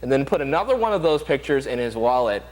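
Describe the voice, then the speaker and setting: A man holds forth on a casual opinion show, talking fast and pressing each point hard. His voice sits in a middle register, and the room adds a lingering reverb. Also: medium pitch, very animated, darkish tone. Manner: emphatic, rapid, argumentative. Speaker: show host.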